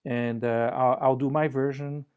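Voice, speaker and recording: A man giving a relaxed conference talk over a video call, joking playfully and gently guiding listeners through exercises. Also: mid-range voice, a little slow, clear, resonant tone, phone-quality sound. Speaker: conference speaker.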